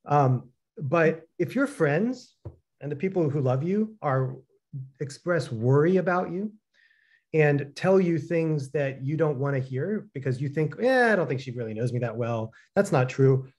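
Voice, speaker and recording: Man, higher-pitched voice, animated storyteller, casual co-host, plenty of fillers. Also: measured pace. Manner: animated storyteller, acts out quoted dialogue, many fillers. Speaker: co-founder co-hosting a talk. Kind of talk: casual conversational talk.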